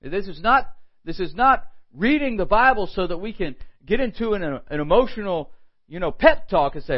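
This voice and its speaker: A man preaching a morning sermon, animated, with quoted asides and frequent rhetorical questions. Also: high voice, normal speed, breathy edge, highs cut off. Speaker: pastor.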